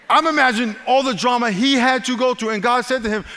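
Older male pastor, bright voice, animated sermon storyteller, big echoing hall. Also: high-pitched, racing, few pauses, slight background noise.

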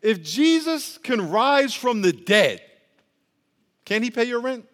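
A man's voice: extremely high pitch, very animated, slow, long reverb tail. A male pastor giving a casual, joking sermon, drawing the congregation into call-and-response.

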